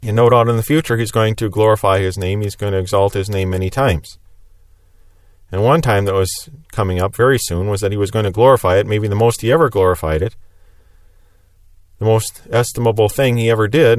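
A man's voice: fairly low pitch, a little fast, smooth, no room sound, clean studio sound. A man preaching a sermon in an earnest, explanatory way, stressing repeated phrases.

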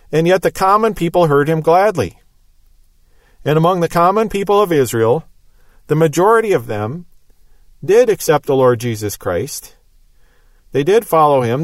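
A man's voice: on the high side, no echo. Emphatic man teaching the Bible, dry sound. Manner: emphatic, methodical explaining.

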